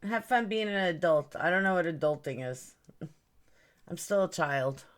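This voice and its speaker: A woman's voice: lowish voice, animated, a little slow. A woman hosting a casual livestream, rambling about her stream settings and greeting viewers by name. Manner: puzzled, fiddling with stream settings. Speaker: livestream host.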